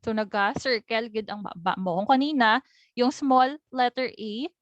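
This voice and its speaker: A woman with a Philippine accent giving a recorded linguistics lecture, patiently repeating example words slowly and clearly. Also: on the high side, no echo, muffled recording. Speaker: linguistics teacher.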